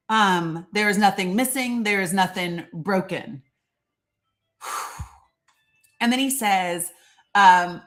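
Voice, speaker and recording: A woman's voice: medium pitch, takes it slowly, pauses often, fairly bright tone. A woman hosting a casual live stream, commenting on the news with passion and reading legal text aloud between fillers and asides. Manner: impassioned and outspoken.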